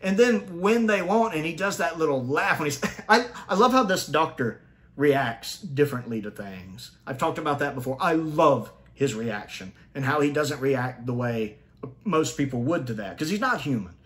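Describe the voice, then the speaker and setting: A man reviews a TV episode casually and with firm opinions, musing aloud and often restarting, his pitch jumping up to underline points. His voice swings widely in pitch, moves at a moderate pace and sounds a bit bright.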